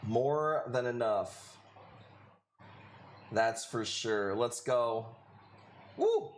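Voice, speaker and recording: A man's voice: medium pitch, extremely slow, a little hiss or hum. A man hosting a live coral sale stream, chatting casually with viewers in a joking, profane way. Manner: joking, profane, talks to chat.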